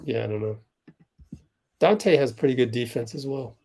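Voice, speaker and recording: A man's voice: medium pitch, moderate pace, vocal fry, dark tone, breathy edge. Chatty man live-streaming game commentary. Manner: chatty, reacts to plays, talks to chat viewers. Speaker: livestream host doing game commentary. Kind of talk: casual live commentary for a watch-along stream.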